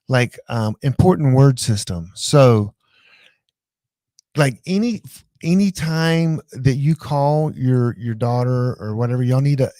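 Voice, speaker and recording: A middle-aged man hosting a live show, chatting casually and telling rambling, animated stories full of restarts. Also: medium pitch, dry recording, studio quality. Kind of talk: casual live-stream chat.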